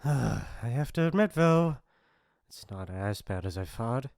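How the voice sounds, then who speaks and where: A man's voice: mid-range voice, lively intonation, measured pace, vocal fry, darkish tone, no echo, studio quality. A man playing a mocking young bully. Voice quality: mocking, frequent laughs. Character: mean, teasing popular young male bully. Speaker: voice actor. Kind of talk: ASMR role-play.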